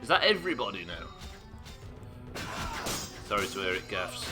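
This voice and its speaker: A man's voice: low-pitched, big pitch swings, normal speed. A male gaming streamer talking through live gameplay, sweary, joking and self-deprecating. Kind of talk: live gameplay commentary and chat. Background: game music and sounds.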